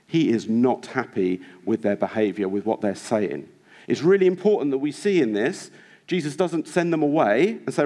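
A male preacher delivers a sermon in a church with a mid-range voice. He talks earnestly and urges his listeners on, often pausing on rhetorical questions to the congregation. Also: medium pitch, animated, darkish tone. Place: church hall.

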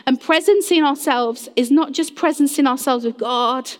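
A woman's voice: high voice, moderate pace. A woman preaching a sermon in earnest, addressing the congregation directly and acting out quoted voices. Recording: long reverb of a large hall.

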